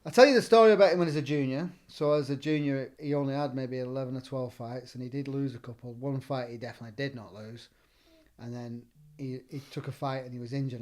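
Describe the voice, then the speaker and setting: Northern english guy, middle-aged, rattles off coaching stories quick and animated. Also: mid-range voice. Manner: animated, acts out quoted dialogue. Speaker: gym owner and trainer, podcast guest. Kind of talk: casual storytelling.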